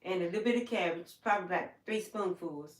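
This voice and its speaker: A woman's voice: on the low side, fast, far from the mic. An older woman hosting a casual live stream from home, rambling through stories and acting out what people told her. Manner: rambling, storytelling, acts out quoted people. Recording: roomy sound, away from the mic.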